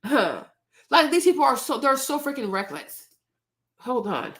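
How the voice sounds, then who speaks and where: A woman's voice: high-pitched, big pitch swings, a little slow, fairly bright tone. A woman hosting her own show, talking straight to her viewers in outspoken, indignant casual commentary. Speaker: host.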